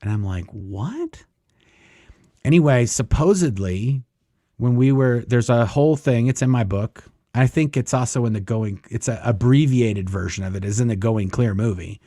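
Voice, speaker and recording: A man's voice: medium pitch, normal speed, warm tone, no echo. Dry-voiced man telling a rambling story. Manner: rambling, many fillers, acts out quoted lines. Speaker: guest storyteller. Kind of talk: casual storytelling.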